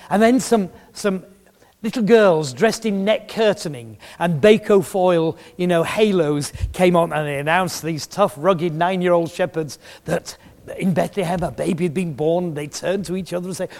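A man's voice: fairly high pitch, darkish tone. A middle-aged man preaching a sermon, telling a story with emphasis and humor. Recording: long reverb in a large hall.

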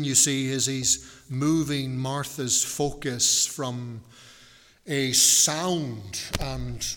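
A man's voice: mid-range voice, a bit bright, big-room sound. A male pastor preaching a sermon in an earnest, emphatic way, repeating and stretching key words. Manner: earnest, emphatic preaching with repetition and slowed stresses. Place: church.

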